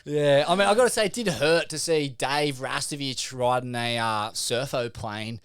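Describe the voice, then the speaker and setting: A man's voice: medium pitch, moderate pace, a bit bright, clear, resonant tone, dry recording, clean studio sound. A man with an Australian accent co-hosting a podcast, rambling in crude, laid-back chat. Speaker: podcast co-host.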